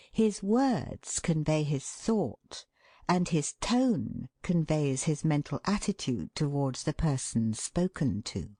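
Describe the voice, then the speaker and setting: A low-voiced woman reads an audiobook at an unhurried pace. Her delivery swings widely in pitch as she acts out the quoted remarks, recorded in a dry, close booth. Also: dry recording. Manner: expressive, shifts tone for quoted speech. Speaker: audiobook narrator. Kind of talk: scripted narration.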